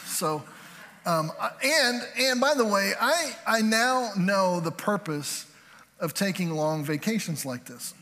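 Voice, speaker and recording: High-voiced joking male pastor preaching. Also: lively intonation, pushed and bright. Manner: joking, conversational preaching with quick asides. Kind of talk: sermon. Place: church sanctuary. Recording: hall reverb from a church sanctuary.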